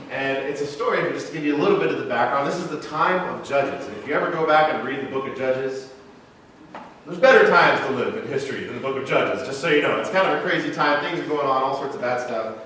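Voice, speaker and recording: A man's voice: mid-range voice, expressive, fairly quick, fairly bright tone, a little hiss or hum. A male pastor preaching a casual, conversational sermon as a playful storyteller. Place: church sanctuary. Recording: echoey sanctuary, mic from far off.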